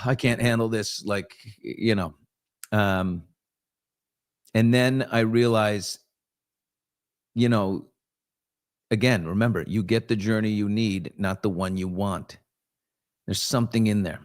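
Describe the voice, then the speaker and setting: A man's voice: fairly low pitch, steady tone, slow pace, pauses often. A man in his fifties from New York, hosting a casual live chat and answering viewers, rambling and self-reflective with joking asides. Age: 50s. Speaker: host.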